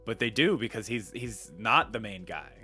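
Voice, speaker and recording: Low-voiced man rambling about films. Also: expressive, moderate pace, pushed and bright, soft background music. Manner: rambling, many fillers and restarts. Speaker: podcast co-host. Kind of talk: casual film discussion.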